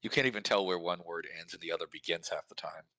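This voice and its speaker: Deep-voiced man explaining things at length. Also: fast talker, sharp tone, no echo, low-quality recording. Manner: explains at length, thinks aloud with fillers. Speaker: lyric and language helper. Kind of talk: casual explanatory chat.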